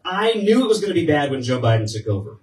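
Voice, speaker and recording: A man's voice: a little high, big pitch swings, fast talker, recorded from a distance, a little hiss or hum. A man, a state representative, giving a fired-up political rally speech and throwing questions at the crowd. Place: event hall. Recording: echoey hall, mic heard from afar.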